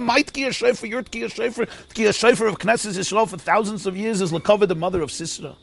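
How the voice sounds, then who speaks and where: A man giving an animated, sing-song Torah lecture. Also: high-pitched, brisk, vocal fry. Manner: animated, sing-song preaching with Yiddish and Hebrew terms. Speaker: rabbi teaching a Torah class.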